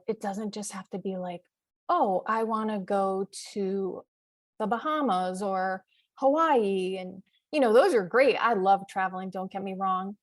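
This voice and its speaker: A woman's voice: medium pitch, dry recording, studio quality. A middle-aged woman from the US East Coast, chatting enthusiastically as a podcast guest, listing examples with frequent fillers. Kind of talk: casual interview chat.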